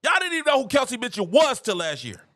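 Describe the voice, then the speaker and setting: High-voiced middle-aged man ranting. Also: fast. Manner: animated, preachy, repeats phrases for emphasis. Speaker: live-stream show host. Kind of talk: casual opinion rant to viewers.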